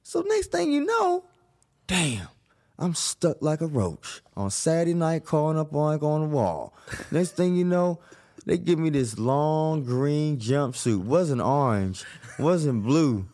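A man from Virginia telling a long story as a podcast guest, with animated asides and jokes. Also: on the high side, slow. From Virginia, USA. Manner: animated, joking, lots of asides. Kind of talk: casual storytelling.

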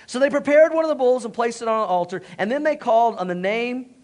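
Male pastor, lively sermon, jokes, call-and-response, very high voice. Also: fast talker. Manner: animated, jokey, call-and-response, drops to hushed solemn tones. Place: church.

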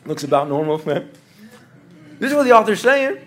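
Man, pastor, sermon, very high voice, folksy, animated. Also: moderate pace. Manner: folksy and animated, acting out quotes.

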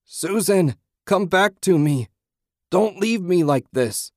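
A man voicing an anguished husband who pleads and shouts in despair. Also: medium pitch, lively intonation, measured pace, no echo, clean studio sound, pitched above the performer's own voice. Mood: desperate. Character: anguished grieving husband, desperate and raw.

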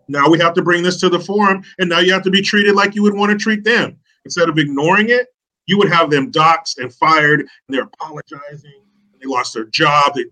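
On a casual podcast, a male guest who works as an online commentator rants in a profane, mocking way. His voice is fairly high, bright, and forceful, and the recording is rough.

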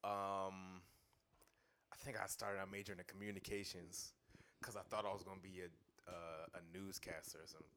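A man's voice: deep voice, flat delivery, a little fast, bright, forceful tone, a little hiss or hum. A young man, a podcast guest, talking earnestly and thoughtfully in casual chat, with many fillers.

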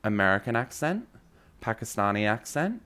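A man's voice: lowish voice, sing-song, normal speed, bright, forceful tone. A man, telling a dating story in a dramatic, gossipy way with lots of swearing. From Australia. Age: early 20s. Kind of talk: casual gossipy chat.

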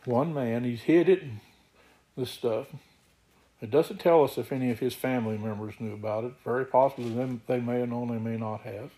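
A man's voice: medium pitch, moderate pace, warm tone, low-quality recording. A man preaching a sermon, reading scripture aloud and then explaining it in an earnest, plain way.

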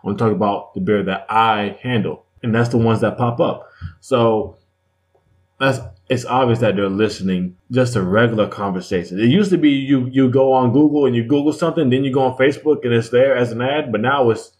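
A man's voice: medium pitch, fairly quick, a little mellow. Slangy, emphatic male podcast co-host. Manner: emphatic, repeats words, slangy. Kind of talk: casual studio banter. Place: podcast studio.

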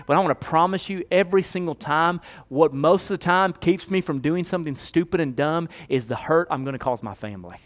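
A male pastor delivering a sermon in a fairly high voice. He drops to a near hush on key words, then rises to loud, quick pleading. His preaching is earnest and direct. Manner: swings from hushed to loud and fast, pleading.

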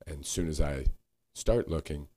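A man co-hosting a podcast, talking earnestly and haltingly, searching for words and swearing now and then. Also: a bass voice, expressive, warm tone. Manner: frequent swearing. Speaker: podcast co-host. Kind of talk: candid reflective conversation.

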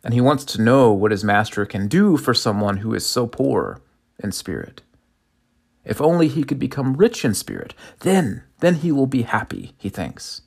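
A man's voice: medium pitch, very animated, normal speed, vocal fry, a little mellow, slightly rough. A man preaching a reflective sermon, reading scripture and a parable and asking listeners questions. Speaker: pastor.

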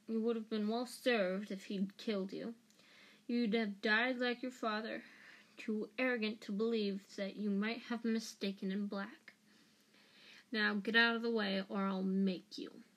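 A woman voicing a cold, spiteful male professor in a fan audiobook reading, with slow, soft, silky menace. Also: fairly high pitch, fairly even intonation. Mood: menacing.

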